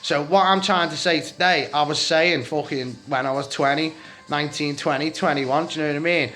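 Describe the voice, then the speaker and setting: A Scouse man in his forties tells a story from his past in a loose, rambling vlog, his voice sitting a touch high for a man. He swears freely and gets heated as he talks. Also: fairly even intonation, fairly quick, bright, forceful tone, faint music behind. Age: 40s. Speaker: vlogger telling his life story.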